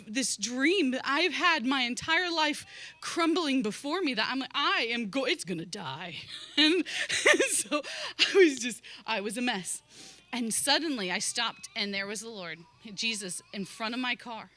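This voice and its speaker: A woman's voice: fairly high pitch, bright, forceful tone, no echo. A young woman telling a personal testimony at a church service, emotional and laughing often as she acts out her own words. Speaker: church member giving a testimony.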